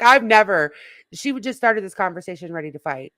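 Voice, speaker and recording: A woman's voice: mid-range voice, lively intonation, a little fast, fairly bright tone, no room sound, studio quality. A woman co-hosting a casual live stream, chatting loosely, reading viewer comments and swearing offhandedly. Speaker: co-host.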